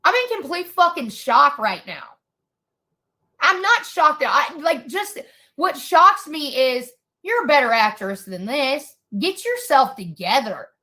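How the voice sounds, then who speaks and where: A woman's voice: sits high, sing-song, unhurried, sharp tone. A woman in an angry, profane rant, furious and swearing hard.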